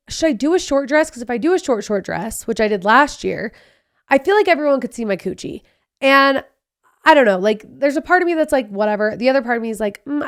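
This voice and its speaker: Chatty woman podcaster, bright and lively. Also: a little high. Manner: chatty, animated storytelling with quick asides. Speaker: podcast host. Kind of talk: casual solo podcast chat.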